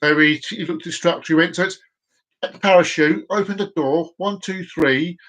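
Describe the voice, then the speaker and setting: A man's voice: on the high side, brisk, fairly bright tone. A man hosting a casual live stream, rambling and stumbling over words as he tells a long joke.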